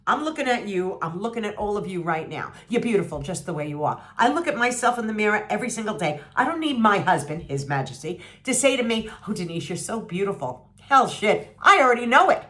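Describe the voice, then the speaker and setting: A woman's voice: sing-song, quick pace, few pauses, fairly bright tone. Brassy sixty-something woman ranting. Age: 60s. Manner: blunt and salty, mocking voices, swings pitch up in disbelief. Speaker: vlogger reviewing a TV show. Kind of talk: animated, sarcastic rant to camera.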